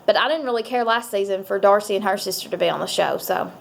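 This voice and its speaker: A woman's voice: medium pitch, quick pace, vocal fry, slight background noise. A woman chatting casually to her viewers, rambling with lots of fillers. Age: adult parent. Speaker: vlogger. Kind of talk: casual chat to camera.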